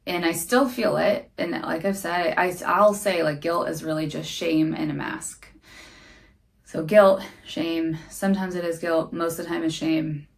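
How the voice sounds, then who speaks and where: A woman's voice: low-pitched, fairly even intonation, a little slow, gravelly. A young woman hosting a podcast, speaking earnestly and candidly about her own struggles in a reflective monologue. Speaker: podcast host.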